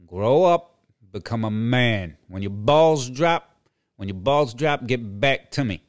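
Expressive, medium-pitched, and measured in pace, a middle-aged podcast host goes on a crude comic rant full of profanity, repetition, and chuckles. The studio-quality recording has no echo.

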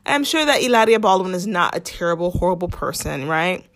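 A woman's voice: lowish voice, very animated, fast talker. A young woman hosting a casual commentary podcast, chatty and sarcastic, full of "like" and mock quotes of others. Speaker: podcast host.

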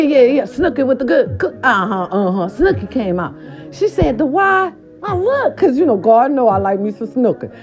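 Middle-aged woman, profane casual storyteller, lively swooping pitch, mellow tone, slightly dull recording with faint music. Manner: profane, animated, repeats filler words. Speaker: vlogger.

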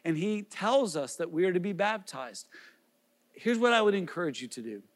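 Pastor guy preaching earnest, kinda higher voice, long hall echo behind him. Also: expressive, normal speed. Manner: earnest, pleading questions, repeated restarts. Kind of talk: sermon.

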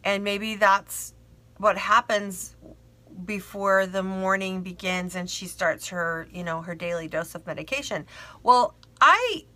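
Slow, rambling woman telling a story. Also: medium pitch, sharp tone. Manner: rambling, many fillers and restarts, frank swearing. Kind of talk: casual personal storytelling.

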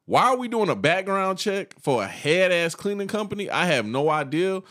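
A man's voice: high-pitched, sing-song, normal speed, a bit bright. A man in his thirties telling a long, profane story in casual chat, laughing and acting out the people in it.

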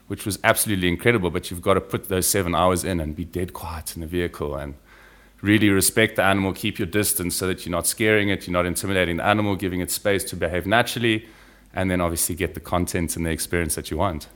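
A man talking as a podcast guest, telling field stories in a relaxed, anecdotal way and dropping his voice low when he describes animals. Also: quick pace. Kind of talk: casual conversational storytelling.

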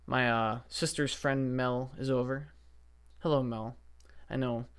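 A young man with a mid-pitched voice hosts a casual solo podcast from his basement. He rambles and swears freely, sounding exasperated as he vents into his podcast microphone. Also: fairly even intonation, measured pace, clean tone. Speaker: podcast host. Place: basement at home. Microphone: podcast setup microphone.

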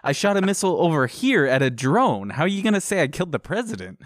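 A man co-hosting a casual game review chat, animated and mocking the game's dialogue. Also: fairly high pitch, fast talker, no room sound, clean studio sound. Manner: animated, mocks dialogue in put-on voices. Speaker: game podcast co-host.

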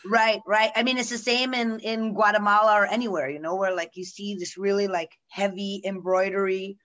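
Chatty opinionated woman, mid-pitched voice. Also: fairly even intonation, normal speed, a bit bright, muffled recording. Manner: opinionated, loose conversational flow with many asides. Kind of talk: casual chat.

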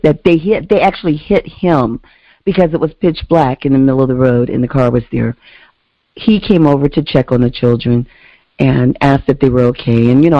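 Animated woman storyteller, dull dry sound. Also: no room sound. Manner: animated, acts out quoted voices with big pitch jumps. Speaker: podcast guest or host telling a story. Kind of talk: casual storytelling.

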